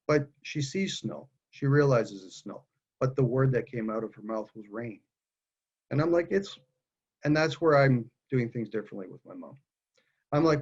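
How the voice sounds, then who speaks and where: A man speaking earnestly and haltingly about caring for his parents, in a candid conversation over a video call. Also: mid-range voice, animated, darkish tone, husky, lo-fi sound. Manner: earnest, halting, many restarts. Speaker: guest speaker.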